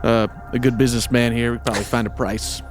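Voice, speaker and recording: A man's voice: mid-range voice, little pitch movement, fast talker, faint music behind. Hesitant rambling male player. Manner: hesitant, rambling, many ums and restarts. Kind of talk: in-character tabletop role-play.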